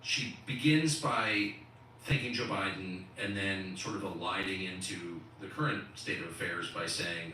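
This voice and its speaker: A middle-aged man hosting live commentary, talking in quick, emphatic, incredulous bursts. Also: low-pitched, bright, forceful tone, very echoey, distant mic, slight background noise, low-quality recording. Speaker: host.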